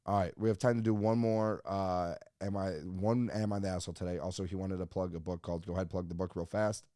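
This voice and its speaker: A man's voice: sits low, little pitch movement, fast, mellow, dry recording, clean studio sound. A man hosting a comedy podcast, reading a listener post aloud and joking about it in casual chat. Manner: joking, reads listener posts aloud and riffs on them. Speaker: podcast host.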